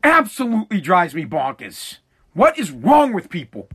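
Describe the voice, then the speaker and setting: A man's voice: high-pitched, wildly swooping pitch, moderate pace, a bit bright, slightly rough. A man in a fired-up, profane ranting monologue, mocking the people he talks about, recorded at home at night.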